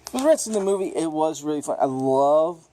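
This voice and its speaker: A man giving a casual, unscripted movie review, rambling and excitable, swearing freely and filling gaps with "you know" and "like". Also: fairly high pitch, fairly quick, slight background noise.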